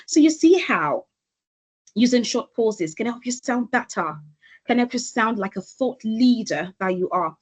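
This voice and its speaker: A woman elocution coach giving an online presentation over a video call, speaking deliberately and with emphasis. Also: slightly rough. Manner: deliberate, emphatic, with lively pitch shifts.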